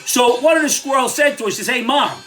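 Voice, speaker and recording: A man's voice: extremely high pitch, fast, fairly bright tone, faint music behind. An older man giving a blunt, sarcastic, opinionated rant on his own vlog. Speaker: vlogger. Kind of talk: ranting commentary vlog.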